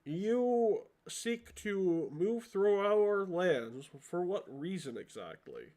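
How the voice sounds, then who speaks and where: A man's voice: sits high, big pitch swings, a little mellow, pitched above the performer's own voice, heavily acted. A man voicing a small, sly kobold chieftain who wears a crown and taunts the travelers. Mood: mocking. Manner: laughing, taunting, drawn-out questions.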